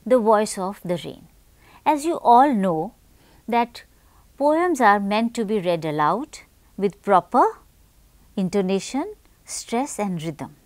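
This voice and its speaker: A woman teaching a class, speaking slowly and deliberately and putting questions to her students. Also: mid-range voice, no echo. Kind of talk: classroom lesson with poem reading.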